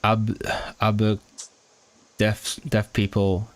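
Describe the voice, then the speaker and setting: A man's voice: on the low side, completely flat delivery. A man streaming a study session, thinking aloud as he works out what is being signed, often restarting words and asking himself questions. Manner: halting, restarting words while working out signed content; puzzled self-questioning asides. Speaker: language-learning streamer.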